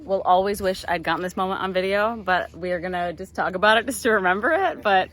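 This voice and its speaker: Chatty mom vlogging from a paddle board. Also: female voice, medium pitch, fast talker. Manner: chatty, with frequent ums and restarts. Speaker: mother and vlogger. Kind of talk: casual family travel vlog. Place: outdoors on a paddle board on the water. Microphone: handheld camera. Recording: outdoor camera audio with loud water noise.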